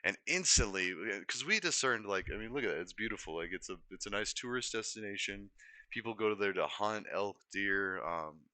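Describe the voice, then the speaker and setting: A man's voice: on the low side, lively intonation, normal speed, bright, forceful tone, no echo. A young man from Colorado chatting casually on a live stream, rambling and easily sidetracked as he corrects himself. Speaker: livestreamer.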